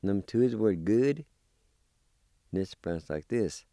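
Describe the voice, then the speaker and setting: A man giving a slow language lesson, spelling and pronouncing each word and repeating it patiently. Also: fairly low pitch, lively intonation, dark tone, dry recording, clean studio sound. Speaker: language teacher.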